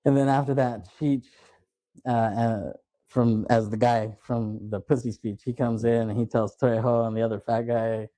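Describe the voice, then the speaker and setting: A man's voice: medium pitch, fairly even intonation, normal speed, mellow, no echo. A man hosting a podcast, casually retelling a film's plot in a rambling way, with loose fillers and plenty of swearing. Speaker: podcast host. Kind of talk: casual movie recap chat.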